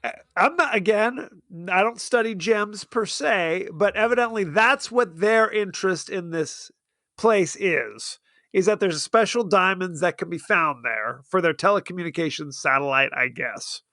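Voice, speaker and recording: A man's voice: sits high, measured pace, bright, forceful tone, dry recording, studio quality. A man co-hosting a podcast in casual chat, recapping with frequent laughs. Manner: chatty, laughs often while recapping. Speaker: podcast co-host.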